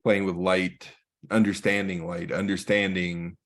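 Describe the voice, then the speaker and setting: A man's voice: deep voice, flat delivery, unhurried, fairly bright tone. A man giving a casual talk as a photographer, telling stories and acting out the dialogue. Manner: storytelling with acted-out dialogue. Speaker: guest speaker, photographer. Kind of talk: casual presentation.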